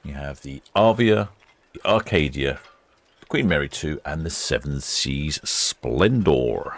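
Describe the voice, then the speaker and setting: Very deep-voiced man chatting casually. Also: animated, moderate pace. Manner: chatty, rambling, with many fillers. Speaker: ship-watching livestream host. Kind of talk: casual live commentary.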